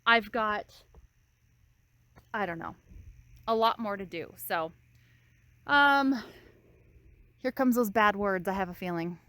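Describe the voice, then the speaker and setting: A farm vlogger vents her exasperation in a casual video, out of breath from hard outdoor work. Her medium-pitched voice has lively intonation, and she speaks slowly with frequent pauses.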